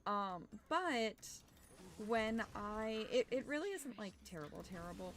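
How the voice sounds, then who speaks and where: A young adult woman streamer chatting casually while gaming, rambling with fillers and sounding a little hoarse as her voice recovers. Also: mid-range voice, unhurried, a little hiss or hum. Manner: animated greetings to chat. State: slightly hoarse from overuse, recovering.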